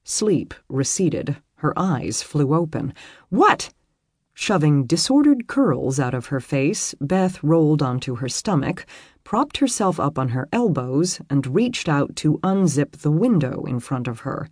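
An audiobook narrator reading a romance novel with expressive, lively storytelling. The voice moves widely in pitch and carries a husky, breathy grain. The sound is dry and close to the mic. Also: a little slow, no room sound.

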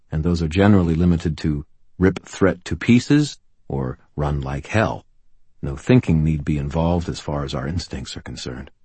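A man narrating a first-person audiobook in a dry, wry storytelling manner with steady pacing. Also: very deep voice, slightly rough, no room sound.

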